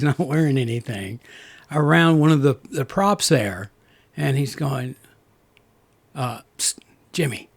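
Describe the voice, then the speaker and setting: A man co-hosting a movie review podcast, talking in a rambling casual way with lots of restarts. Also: a little high. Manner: rambling, many restarts and fillers. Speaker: podcast co-host.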